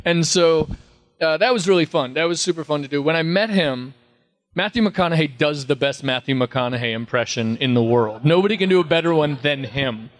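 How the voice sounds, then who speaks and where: Slightly high-pitched and a bit quick, this Texan speaks as a convention panel guest in a relaxed Q&A. His funny stories ramble along, and he keeps slipping into impressions and laughing.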